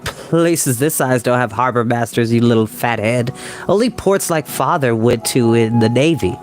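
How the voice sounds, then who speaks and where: A man's voice: medium pitch, normal speed, soft background music, lightly acted. A man voicing a cocky, teasing older boy in a read-aloud storybook, talking down in a mock-grown-up way.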